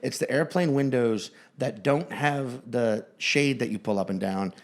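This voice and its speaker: A man's voice: mid-range voice, a little slow. A man co-hosting a comedy podcast, telling stories in a loose, rambling way and joking with his co-host. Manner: rambling storyteller with playful repetitions. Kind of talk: casual chat.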